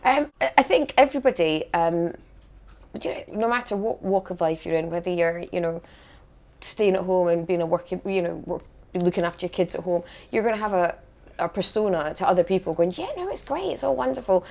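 A middle-aged Scottish woman, a podcast guest who tells lively stories and laughs easily. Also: fairly low pitch, brisk. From Scotland. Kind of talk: casual interview chat.

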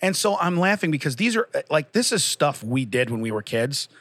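A man's voice: a little high, big pitch swings, a little fast, a bit bright, no room sound. A man in his forties telling long, rambling stories and laughing often as a podcast host in casual chat.

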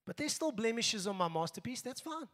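Middle-aged South African male pastor, high voice, emphatic sermon delivery, long church reverb. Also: sing-song, a little fast. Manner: emphatic, swinging between raised exhortation and quiet asides.

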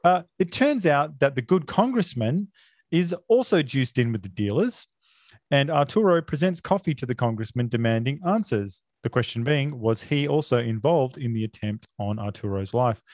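A man co-hosting a podcast walks through a film's plot in a loose, chatty way, dropping filler uhs and casual swearing as he goes. His voice sits at an ordinary pitch and sounds dry and close to the mic. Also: expressive, moderate pace, darkish tone, dry recording. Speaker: podcast co-host.

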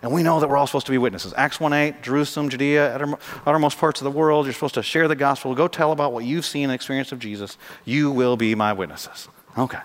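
A man preaching a sermon as pastor, animated and jokey, acting out scenes for his congregation in a church. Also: medium pitch, fast. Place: church sanctuary. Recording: long hall reverb.

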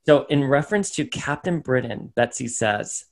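A man's voice: medium pitch, normal speed, vocal fry, a little hiss or hum. A man co-hosting a podcast, giving a casual recap of a comic book issue and acting out the characters' lines along the way. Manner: animated storyteller, acts out character quotes. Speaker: podcast co-host.

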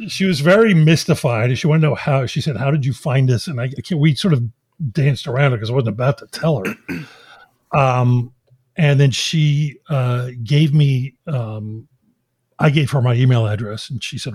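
A man's voice: medium pitch, moderate pace, slightly rough, no room sound. A man co-hosting a podcast, telling a story in casual chat and acting out the people he quotes. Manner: animated storyteller, laughs often, acts out quoted voices. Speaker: podcast co-host.

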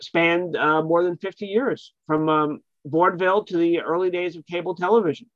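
A man's voice: a little high, steady tone, normal speed, fairly bright tone, no echo. A man guest talking about comedy history in a rambling, hesitant way. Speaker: guest, publicist and author. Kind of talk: casual conversation. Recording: dull, dry sound.

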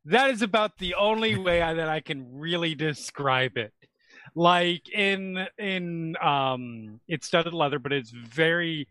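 Guy slowly describing his rpg character, bright kinda high voice, lots of ums. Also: dry recording. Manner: halting, searching for words. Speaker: player. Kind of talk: describing a character in a tabletop game.

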